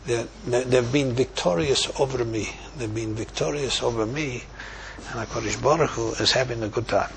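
Brief: male Talmud teacher, animated storyteller, mid pitch, faint background noise. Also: moderate pace. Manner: animated retelling, quoting Hebrew and Aramaic then translating.

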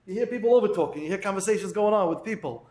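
A man giving a sermon-style Torah talk, reading Hebrew phrases slowly and then translating them quickly into English. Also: high voice, animated, darkish tone, roomy sound. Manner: acts out doubters' voices in quotes.

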